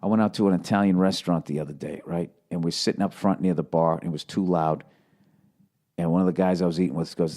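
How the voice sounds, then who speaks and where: A man's voice: deep voice, quick pace. Rambling profane man with a Boston accent. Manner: profane, rambling, slips into shouted movie-gangster impressions. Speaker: podcast host. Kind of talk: casual solo podcast rant.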